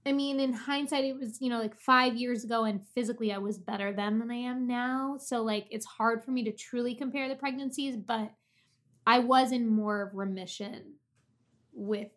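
A woman's voice: a little high, normal speed. A heavily pregnant woman in her thirties, chatting candidly and telling personal stories as a guest. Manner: candid, animated storytelling. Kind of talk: casual chat.

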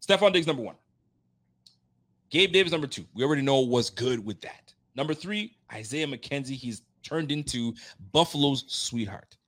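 A man hosting a casual sports podcast, animated and laughing, getting loud for emphasis. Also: medium pitch, moderate pace. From Haitian roots. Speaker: podcast host.

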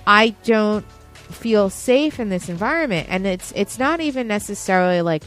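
A woman comedian in casual panel talk, animated and full of quick restarts. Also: medium pitch, soft background music.

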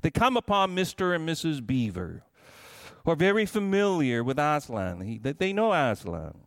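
A man's voice: a little high, very animated, moderate pace, no room sound, clean studio sound. A man preaching a sermon in an earnest, questioning, emphatic way. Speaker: pastor.

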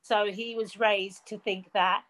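A woman, the mother in a casual family chat, calmly explaining what happens in a film. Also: mid-range voice, unhurried.

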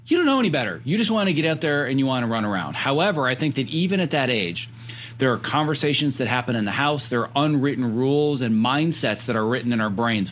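A man's voice: mid-range voice, fairly bright tone, slight background noise. Thoughtful man hosting an interview. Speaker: podcast host. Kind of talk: reflective interview questions.

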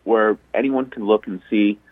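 A man's voice: fairly low pitch, steady tone, moderate pace, no room sound. Male caller on a dull phone line. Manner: earnest, argumentative. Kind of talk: opinionated call-in talk. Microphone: telephone.

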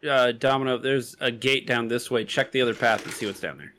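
A man takes part as a player in a tabletop game, his voice at an ordinary middle pitch. He talks in a questioning way, checking details one after another before he acts. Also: fairly even intonation, brisk, fairly bright tone, a little hiss or hum. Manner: inquisitive, asks many questions.

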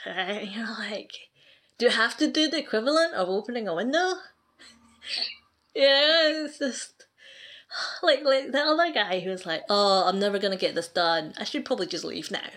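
A woman's voice: medium pitch, a bit bright. A woman clan leader chatting casually, ranting in an amused way and laughing often. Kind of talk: casual chat.

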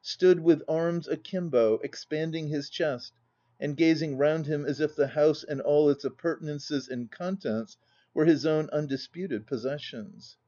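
A man reading a classic novel aloud as an audiobook narrator, telling the story in a measured, even way. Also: a little high, highs cut off. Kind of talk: scripted narration.

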